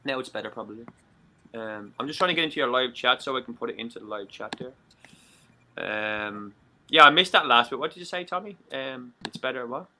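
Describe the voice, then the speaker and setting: A man's voice: medium pitch, animated, brisk, sharp tone, slight background noise. A man chatting as a guest on a live stream over a video call, rambling and swearing freely. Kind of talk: casual live-stream chat.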